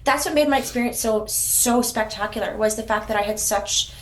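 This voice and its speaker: A woman telling her surrogacy story as a podcast guest, warm and rambling, often restarting her sentences. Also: fairly high pitch, a little fast, echoey room. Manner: warm storytelling, frequent restarts and repeated words. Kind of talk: casual interview chat.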